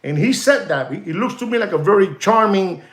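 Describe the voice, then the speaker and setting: Excitable rambling man, roomy echo. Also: high-pitched, fairly quick. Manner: excitable, repetitive, addresses "ladies and gentlemen". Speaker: host of a watch market show. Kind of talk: rambling market commentary monologue.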